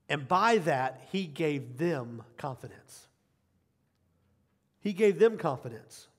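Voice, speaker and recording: A middle-aged man preaching a sermon as pastor, emphatic, repeating key phrases and swinging from quiet asides to loud cheering. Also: on the high side. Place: church sanctuary. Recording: long hall reverb.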